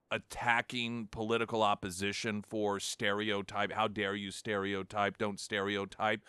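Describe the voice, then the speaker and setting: A man's voice: mid-range voice, sharp tone, clear, resonant tone, dry recording. A male talk radio host giving sarcastic, mocking political commentary in a studio. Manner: sarcastic, mocking, with frequent restarts. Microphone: studio microphone.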